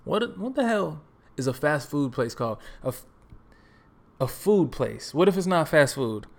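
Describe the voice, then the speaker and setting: A man's voice: a little high, a little slow, vocal fry. Laid-back man telling a joking story. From Texas. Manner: relaxed, joking, rambling with fillers. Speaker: podcast host. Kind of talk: casual solo podcast storytelling. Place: his apartment.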